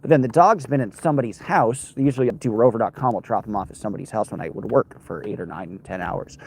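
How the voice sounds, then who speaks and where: A man's voice: on the low side, quick pace, creaky, darkish tone, a little hiss or hum. A young man, a former news anchor, chatting in a rambling, wry way while walking outdoors in the cold and answering viewers. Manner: rambling, self-interrupting, wry. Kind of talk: casual walking vlog chat, answering viewer comments.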